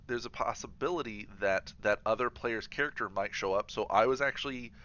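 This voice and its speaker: Bright-voiced man rambling on stream. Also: lowish voice, a little fast. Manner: rambling, many fillers and restarts. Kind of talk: casual chat while gaming. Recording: slightly dull livestream audio.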